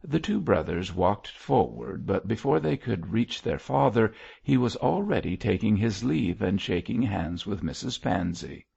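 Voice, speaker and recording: A man narrating an audiobook in a measured storytelling manner. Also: fairly low pitch, very animated, gravelly, darkish tone, breathy edge, lo-fi sound. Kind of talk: scripted narration.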